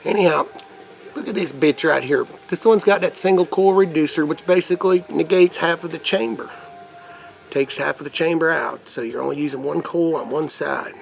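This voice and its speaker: A man's voice: fairly high pitch, moderate pace. A man reviewing vape mods in a rambling, profane vlog, putting on a crude redneck persona. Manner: put-on rough redneck persona. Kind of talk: casual product demo vlog.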